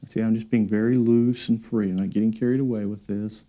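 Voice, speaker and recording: Man painting instructor, mellow warm tone, easygoing and encouraging, studio demo. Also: fairly low pitch, a little fast. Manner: relaxed, encouraging, talks while working. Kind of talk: painting demonstration. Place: art studio.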